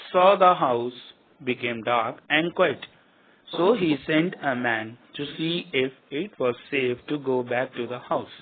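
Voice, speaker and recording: The slightly high voice of a male teacher, with a breathy edge, comes through a tinny, phone-like recording. He reads a story aloud to the class, dictating words to underline and repeating what they mean.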